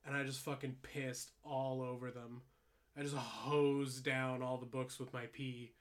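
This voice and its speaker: A man's voice: mid-range voice, flat delivery, measured pace. A young man casually telling a long story on a podcast, rambling with many "like"s, swearing and laughing along the way. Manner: rambling, full of "like" fillers, laughs while telling stories, swears freely. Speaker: podcast co-host.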